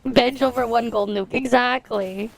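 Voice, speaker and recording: A woman's voice: a little high, steady tone, measured pace, vocal fry. Woman streamer, casual gamer chat, slightly raised voice, faint music bed. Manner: laid-back, chatty, swears and laughs often. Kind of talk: casual live-stream chat while gaming. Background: game music.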